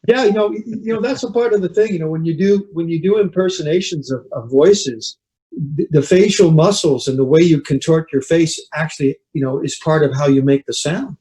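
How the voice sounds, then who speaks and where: A Canadian man, a singer who grew up with French at home, chatting as a guest on a talk show in a relaxed, rambling way with many restarts. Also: on the high side, fairly quick, rough recording. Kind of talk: casual interview chat.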